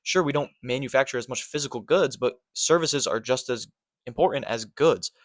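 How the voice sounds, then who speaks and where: A man's voice: medium pitch, normal speed, a bit bright, no room sound, studio quality. A man giving sarcastic, exasperated reaction commentary on a political clip, swearing often.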